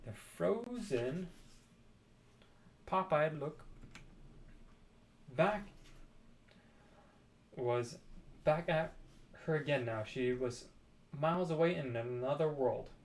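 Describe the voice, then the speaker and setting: Expressive man reading a storybook. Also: fairly high pitch, slow, long pauses. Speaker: storybook reader. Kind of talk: children's book read-aloud.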